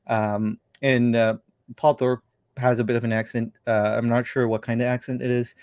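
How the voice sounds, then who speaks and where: Man, livestream host, casual chat, rambling, mid pitch, dry close sound. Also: little pitch movement, normal speed, darkish tone, smooth, no room sound. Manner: rambling, thinking aloud. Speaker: show host.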